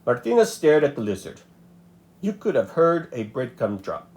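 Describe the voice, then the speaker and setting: A man narrating a children's storybook aloud with a playful, expressive delivery. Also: medium pitch, moderate pace.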